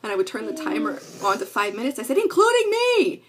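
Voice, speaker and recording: A woman's voice: mid-range voice, fast, fairly bright tone, breathy edge. A middle-aged woman talking casually to camera at home, rambling and earnest with lots of fillers. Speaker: parenting vlogger.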